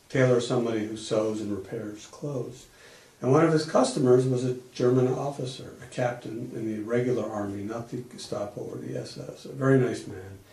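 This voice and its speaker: A man's voice: medium pitch, a little mellow, distant mic. A middle-aged man giving an oral history interview, retelling events plainly and explaining things as he goes, often restarting his sentences. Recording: echoey room.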